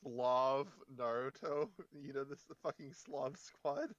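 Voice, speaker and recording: A man chatting with friends, excitable and quick to curse. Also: medium pitch, lo-fi sound. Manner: excitable, swears often. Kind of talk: casual chat.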